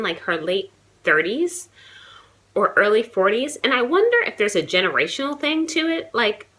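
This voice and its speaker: Chatty American woman with a bright voice. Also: medium pitch. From United States. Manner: chatty, lots of likes and you knows, animated. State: has a cold, chesty. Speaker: travel vlogger. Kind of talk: casual talking-to-camera vlog.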